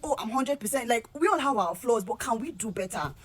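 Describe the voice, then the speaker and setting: A woman's voice: expressive, fairly quick, few pauses, slight background noise. A young Nigerian woman with a Nigerian accent, venting to her phone camera in an earnest, aggrieved vlog and mixing in Pidgin. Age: young adult. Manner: earnest and aggrieved, repeats words and rises in pitch when heated, mixes in Pidgin. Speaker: vlogger. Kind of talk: impassioned direct-to-camera rant.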